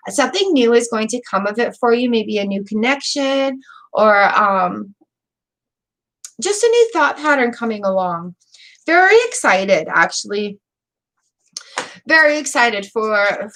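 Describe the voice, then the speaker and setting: A woman's voice: on the high side, a bit bright. A middle-aged woman giving a live tarot reading, chatty, emotional and rambling with fillers. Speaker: tarot reader.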